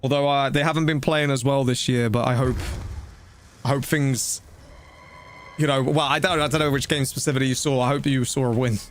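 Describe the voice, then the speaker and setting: Male streamer, mid-pitched, casual rambling commentary with a soft ambient hiss. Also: steady tone. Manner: chatty, rambling, quick exclamations. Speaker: gaming streamer.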